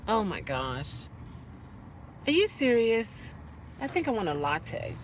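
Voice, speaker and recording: A woman chatting casually with live viewers from her car, animated and quick to exclaim and laugh. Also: medium pitch, slight background noise. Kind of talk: casual live-stream chat.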